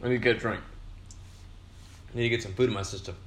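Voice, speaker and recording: A man's voice: medium pitch, steady tone, fast talker. Tipsy young man rambling, roomy echo. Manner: profane, meandering, frequent fillers. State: tipsy from beer. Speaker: podcast host. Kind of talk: rambling casual monologue.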